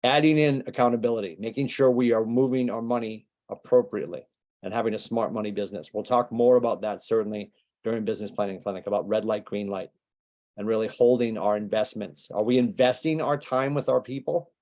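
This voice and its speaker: Mellow-voiced male business coach. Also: lowish voice. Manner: conversational, rapid-fire rhetorical questions. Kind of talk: motivational training talk.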